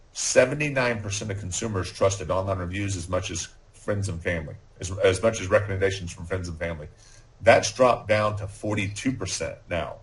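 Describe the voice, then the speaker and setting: A man with a fairly low voice speaks as a podcast guest. He talks with confidence, laying out points in a steady pitch while often restarting words mid-sentence. The tone is casual and conversational.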